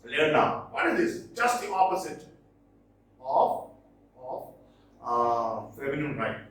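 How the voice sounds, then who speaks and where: Lively, echoey man teaching slowly. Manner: emphatic, repeats key words slowly, with lively pitch jumps. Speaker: English teacher. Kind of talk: classroom lecture on poetry. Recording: roomy echo, distant from mic.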